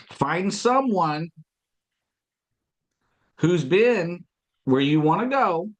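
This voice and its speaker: A man hosting a podcast, giving an emphatic motivational talk on sales, repeating key points and acting out past conversations. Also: fairly high pitch. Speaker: podcast host and business coach.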